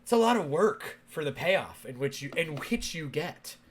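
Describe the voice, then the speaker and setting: A man's voice: a little high, very animated, husky. A man hosting an interview show, chatting casually and laughing often. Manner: laughs often, quick and playful. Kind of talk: casual chat over a video call.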